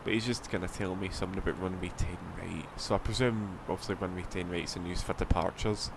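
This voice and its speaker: A man's voice: sits low, steady tone, fast, background noise. A man with a Scottish accent, rambling casually as he streams a flight sim, swearing now and then. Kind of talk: casual gameplay commentary.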